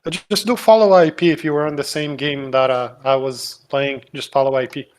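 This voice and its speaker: A man from Poland chatting casually as a tournament commentator, relaxed, often trailing off softly. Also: mid-range voice, brisk, clean tone. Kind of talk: casual chat.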